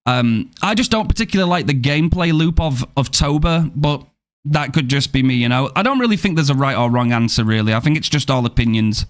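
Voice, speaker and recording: With a mid-range, expressive voice and a fairly quick delivery, a young British streamer keeps up casual, playful chat with viewers during a horror game, cursing without restraint.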